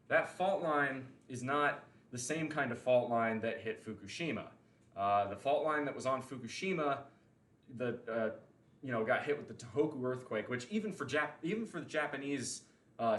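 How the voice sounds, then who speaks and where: A man's voice: mid-range voice, fairly bright tone, echoey room. A man hosting a livestream show, chatting casually and giving opinions at length, often restarting his sentences. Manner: rambling, opinionated, frequent restarts and fillers. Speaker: podcast host.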